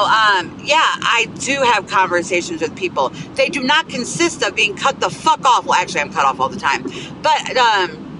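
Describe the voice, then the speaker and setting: Her voice on the high side, this woman podcast host vents alone in an angry, blunt rant full of constant swearing. Noise fills the background.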